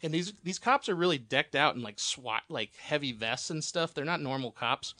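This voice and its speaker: A man's voice: a little high, fairly quick, pushed and bright, dry recording. A man telling a long, rambling personal story as a podcast guest, laughing often and swearing freely.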